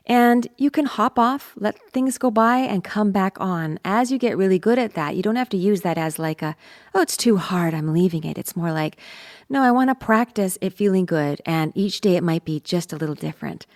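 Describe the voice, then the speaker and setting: A woman's voice: medium pitch, animated, moderate pace, no echo, clean studio sound. A woman vocal coach teaching a singing lesson, talking in an upbeat, encouraging way and singing scale demonstrations. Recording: loud piano accompaniment.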